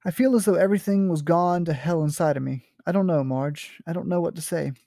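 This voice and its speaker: A teacher reading a withdrawn, sullen young man's lines aloud from a short story, terse and flat. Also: mid-range voice, a little fast, vocal fry, no echo, clean studio sound, close to an everyday voice.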